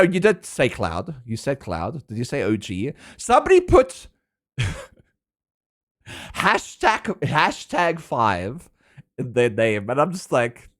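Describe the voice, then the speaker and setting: A man's voice: mid-range voice, wildly swooping pitch, unhurried. A young man with a South African accent, a streamer chatting casually and playfully with his viewers, laughing often. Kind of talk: casual chat with a live stream audience.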